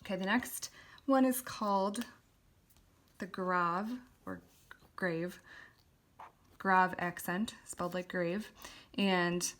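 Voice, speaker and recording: A woman's voice: medium pitch, slow pace, long pauses, a little hiss or hum. A woman teaching a lettering lesson, explaining step by step in a patient way, with the odd filler. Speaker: calligraphy teacher.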